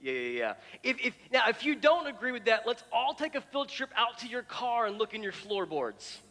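A middle-aged pastor's very high, bright voice rings out with sing-song force at a moderate pace as he preaches in a church auditorium. He tells stories conversationally, restarting often and repeating words, while the hall's reverb and music fill the recording.

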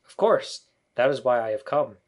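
A male audiobook narrator voicing Peter Pan, a boastful boy who never grows up, in a loud, eager and self-absorbed voice. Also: mid-range voice, animated, moderate pace, close to an everyday voice. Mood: cheerful, demanding.

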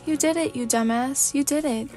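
A woman reading a sleepy story aloud, voicing a loud, rude, boastful young male demon-slaying warrior who trades insults. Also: fairly high pitch, steady tone, normal speed, soft background music, lightly acted. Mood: excited.

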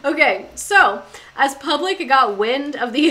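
A woman's voice: sits high, lively intonation, a little slow, pushed and bright. A woman streaming a casual history chat, sarcastic and laughing often, swearing freely.

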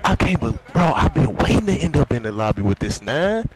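A man's voice: mid-range voice, sing-song, brisk, heavy background noise. A man chatting with a teammate during an online basketball video game, hyped, joking and full of slang. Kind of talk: excited game voice chat.

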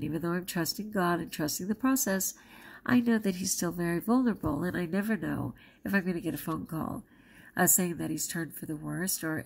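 Breathless and expressive, a female schoolteacher-vlogger tells a story from her own life, acting out quoted lines with big pitch jumps. Her voice has a creaky, breathy edge.

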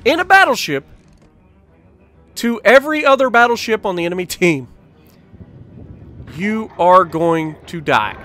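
A man narrates his gameplay in a casual, playful way, joking with his viewers and sometimes scolding the game. His voice sits fairly high and bright. Soft game music plays underneath. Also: lively intonation, a little slow, long pauses. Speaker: gaming channel host.

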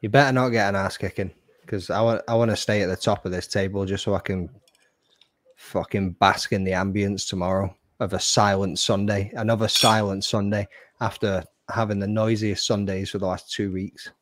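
Sweary man, low dry voice. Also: fairly even intonation, moderate pace, no echo. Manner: sweary, teasing banter. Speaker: podcast host. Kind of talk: casual watch-along chat.

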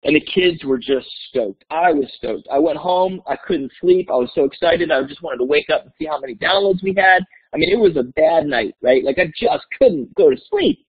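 Energetic male teacher on a tinny webinar line. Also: on the high side, normal speed, few pauses, slightly rough. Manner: energetic, enthusiastic, acts out voices in his story. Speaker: teacher presenting to educators. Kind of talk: animated storytelling presentation. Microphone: webinar call mic. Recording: tinny phone-like webinar audio.

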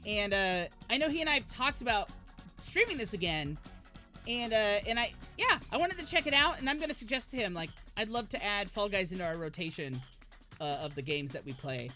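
A woman's voice: mid-range voice, lively intonation, a little fast, pushed and bright, faint music behind. A woman streamer giving live gameplay commentary, who swears and shrieks when she fails and chats in a rambling way with her viewers.

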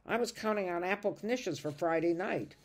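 A woman voicing an excited young boy in a school play, with a raised, exclaiming delivery. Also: on the low side, normal speed, voice pushed up. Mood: delighted. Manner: gushing and exclaiming.

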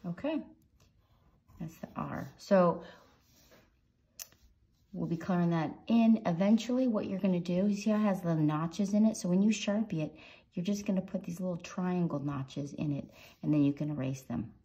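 A woman's voice: lowish voice, normal speed, long pauses, warm tone, highs cut off. A woman hosting a drawing tutorial, chatty and encouraging, with playful little sound effects while she sketches. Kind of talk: casual drawing tutorial narration.

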